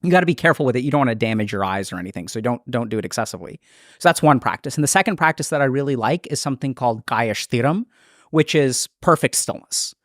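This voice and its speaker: A psychiatrist in a podcast interview, a man explaining his ideas thoughtfully, with quick restarts. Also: mid-range voice, lively intonation, dry recording, studio quality.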